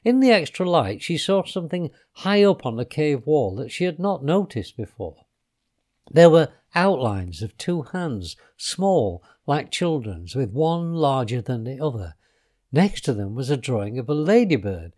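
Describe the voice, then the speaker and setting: A man reading a children's storybook aloud in an expressive way, letting his voice drop softly on the speech tags. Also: mid-range voice.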